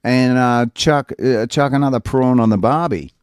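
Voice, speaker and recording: A man's voice: mid-range voice, moderate pace, clean tone, no room sound. A man co-hosting a casual online chat show, teasing and mocking the others. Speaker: podcast co-host.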